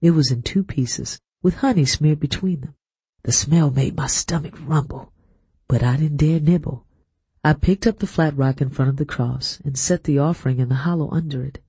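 Gravelly, husky male audiobook narrator. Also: on the high side, moderate pace, mellow, no room sound. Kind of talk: scripted narration.

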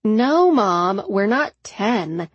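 A woman's voice: medium pitch, sing-song, drawn-out words, breathy edge, dry recording, dull audio, full character voice. A woman reading an audiobook and voicing a sarcastic teenage girl who talks with eye-rolling exasperation. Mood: exasperated. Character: sarcastic teenage girl, bold best friend.

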